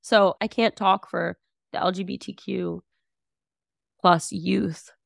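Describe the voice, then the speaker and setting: A young woman talking casually as a podcast guest, outspoken and animated, telling stories with lots of fillers. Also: medium pitch, slow pace, vocal fry, no echo, studio quality. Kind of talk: casual conversation.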